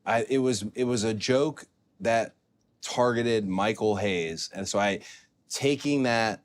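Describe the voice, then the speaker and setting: Animated male podcast host. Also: fairly low pitch, slow pace, a little hiss or hum. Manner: animated storyteller, acts out quotes. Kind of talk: casual chat and read-out ad.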